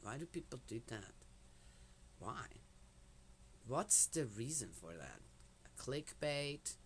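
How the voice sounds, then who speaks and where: A woman's voice: rumbling low, sing-song, slow, slight background noise. An older woman chatting in a meandering, talkative way, drifting between personal stories and Bible commentary and often dropping in little "yes" asides. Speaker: vlogger. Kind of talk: rambling casual chat and Bible commentary.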